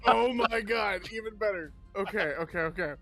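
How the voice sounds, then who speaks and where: A player in a tabletop game, talking in a rambling, animated way and swearing freely. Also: medium pitch, moderate pace, soft background music.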